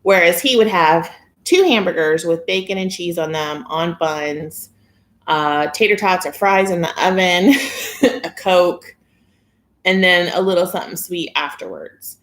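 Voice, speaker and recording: Giggly woman chatting on a phone live stream, voice sits a bit low, talks to viewers like friends. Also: unhurried. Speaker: weight-loss vlogger hosting a live stream. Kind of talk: casual live-stream chat.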